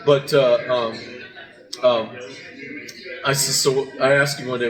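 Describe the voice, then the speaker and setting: A man's voice: medium pitch, fairly even intonation, a little slow, rough recording. An older man hosting a casual breakfast chat, telling meandering stories full of fillers and restarts in a restaurant. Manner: rambling storyteller with many fillers and restarts. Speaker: podcast host. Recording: background music.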